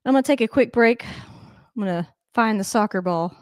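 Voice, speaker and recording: A woman giving casual live reaction to a football game, with wry asides and a high coaxing voice for her dogs. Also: normal speed, no echo, clean studio sound. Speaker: host of a football reaction channel. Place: at home.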